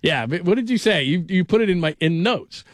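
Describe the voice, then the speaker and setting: A man's voice: sits high, lively intonation, fairly quick, no room sound, studio quality. Jokey man hosting sports radio. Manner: jokey, rambling storyteller. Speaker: radio sports talk host. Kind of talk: casual sports radio chat. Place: radio studio.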